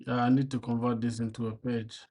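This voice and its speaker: A man's voice: medium pitch, little pitch movement, brisk, dark tone. A young man live-streaming while he codes, chatting casually with slang, mumbling code aloud and often breaking into laughter.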